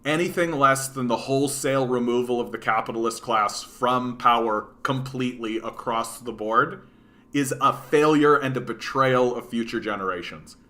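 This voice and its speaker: A man hosts a political livestream and answers his chat. He talks bluntly and swears freely, padding his points with "like" and "right?". His voice is bright and forceful, pitched in a middle range. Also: moderate pace. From Canada. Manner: blunt, profane ranting full of "like" and "right?".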